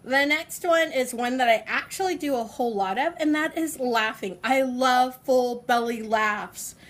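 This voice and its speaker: A woman in her forties chats through a casual self-help vlog in a fairly high voice. She laughs easily and stretches her words out as she talks. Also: measured pace. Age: 40s. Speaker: vlogger. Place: outdoors on a balcony.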